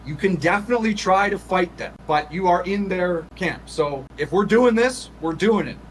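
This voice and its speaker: A man running a tabletop game as game master, his voice a touch high. He narrates loosely, hedging with fillers, over a faint hiss. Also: lively intonation, moderate pace, poor audio.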